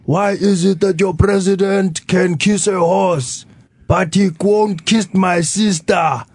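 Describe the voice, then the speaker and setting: A man's voice: sits high, steady tone, takes it slowly, darkish tone, husky, no room sound, pitched above the performer's own voice, exaggerated voice. A man doing a cheeky crazy old grandpa, South African accent. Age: older. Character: crazy charismatic old grandfather blurting English phrases.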